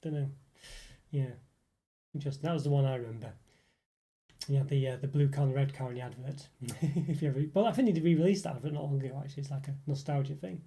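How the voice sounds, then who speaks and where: A man's voice: medium pitch, quick pace, warm tone. A man hosting a live stream, reading viewer comments aloud and musing on them in a casual chat full of fillers. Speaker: livestream host reading chat.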